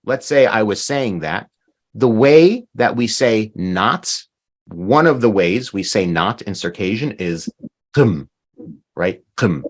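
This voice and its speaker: Animated man teaching an online class. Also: lowish voice, slow. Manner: explains patiently with many "right?" checks. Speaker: language teacher.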